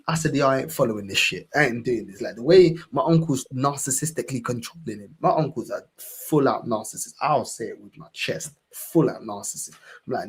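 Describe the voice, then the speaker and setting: A man's voice: medium pitch, animated, a little fast, slightly rough. A young man with a London accent, hosting a fan channel and talking with fiery, swearing passion, calling everyone "bro". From England. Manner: impassioned, swearing, repeats "bro". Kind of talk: casual podcast chat.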